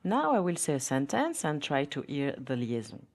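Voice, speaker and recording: Low-voiced woman teaching a language lesson. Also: huge pitch swings, moderate pace, a little mellow. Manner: careful teaching delivery, reads example phrases aloud. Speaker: French teacher.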